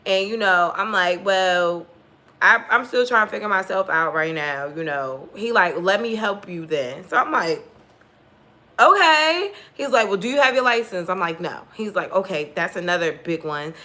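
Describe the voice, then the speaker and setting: A woman's voice: on the low side, moderate pace. A young woman hosting a casual storytime vlog, talking candidly and with plenty of swearing, acting out the lines of the people in her story. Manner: candid, profane, animated, acts out quoted dialogue. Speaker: tarot channel host.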